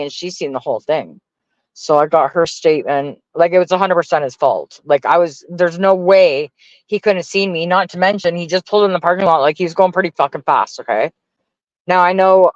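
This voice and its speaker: A man's voice: on the high side, no room sound, muffled recording. A man venting casually to his stream viewers, profane and exasperated as he rants. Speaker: livestreamer talking to chat.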